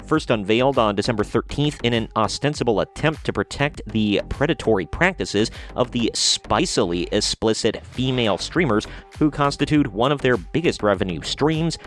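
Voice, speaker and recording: Sarcastic male commentary host. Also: mid-range voice. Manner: sarcastic and blunt. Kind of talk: opinionated commentary reading news articles.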